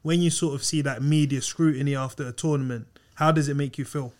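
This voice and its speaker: A man hosting a podcast, asking his guest a measured question and mostly listening with short responses. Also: medium pitch, fairly even intonation. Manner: brief backchannels and measured questions. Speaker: podcast host. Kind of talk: interview questions.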